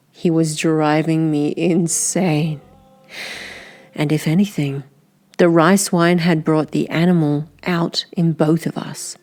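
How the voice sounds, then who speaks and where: A woman narrating an audiobook in the first person, unhurried, sometimes dropping to a breathy whisper. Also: sits low, a little mellow.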